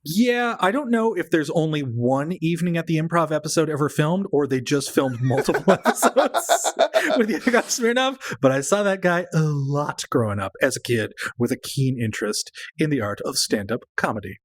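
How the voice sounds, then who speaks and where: A man's voice: a little high, animated, normal speed, hardly any pauses, no echo. A man in his forties co-hosting a podcast in casual comedic chat, joking and laughing often. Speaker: podcast co-host.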